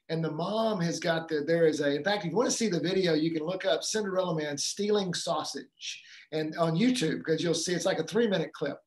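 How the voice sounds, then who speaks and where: A man speaking on a live community call about fathering, retelling a film scene in a halting, storytelling way with many fillers. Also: fairly high pitch, roomy sound.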